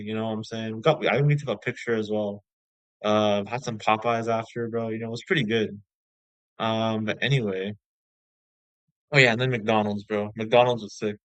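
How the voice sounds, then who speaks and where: A man's voice: lowish voice, fairly bright tone, smooth, dry recording, poor audio. A man giving a casual spoken movie review, rambling and slangy, full of fillers like "bro".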